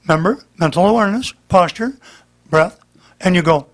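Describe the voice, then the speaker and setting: High-pitched male vocal coach, slightly worn voice, patient explainer. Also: moderate pace. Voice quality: slightly damaged voice. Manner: patient, explanatory, demonstrates as he talks. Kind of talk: demonstrating voice lesson.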